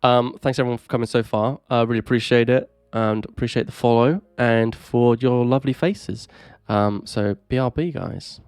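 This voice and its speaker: A man from England co-hosting a podcast, chummy and teasing, quick to laugh. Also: mid-range voice, a little mellow, smooth, no echo. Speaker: podcast co-host. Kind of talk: casual banter.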